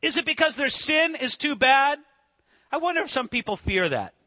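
A man's voice: very high voice, lively intonation, moderate pace, pushed and bright, no room sound. A man preaching a sermon as a pastor, earnest and full of rhetorical questions.

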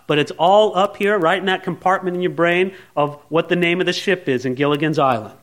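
A pastor preaching a sermon to his congregation, earnest, moving between quiet asides and raised pleading. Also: sits high, brisk, few pauses.

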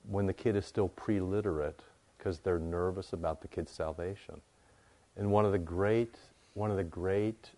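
A male pastor preaches in a relaxed, conversational way, his voice sitting a little low. He drives his points home with emphatic, repeated phrases.

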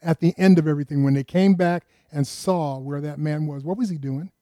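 A man's voice: on the high side, a little fast, warm tone, no echo, clean studio sound. A man preaching a conversational sermon in a folksy way, often putting questions to his listeners.

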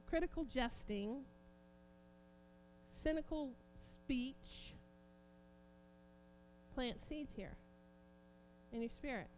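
A woman preaching an informal sermon, growing impassioned and forceful at points. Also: sits high, slight background noise. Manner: impassioned, rising to near-shouting emphasis.

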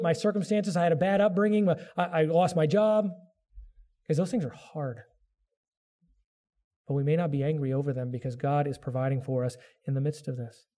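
A middle-aged man delivers a sermon to his congregation in an earnest, direct way. His voice sits a little high but sounds warm and mellow. He mimics people's excuses in a raised, mocking tone. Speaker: pastor.

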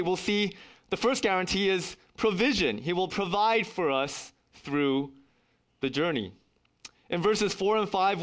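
Lively, high-voiced male preacher. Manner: earnest, emphatic preaching with wry asides. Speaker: pastor. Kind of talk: sermon.

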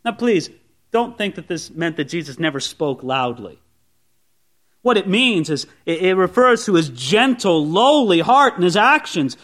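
Man preaching a sermon: high, very lively pitch, talks like a chat, voices imagined objections. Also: a little slow. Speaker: pastor. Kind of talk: expository sermon. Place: church service before a congregation.

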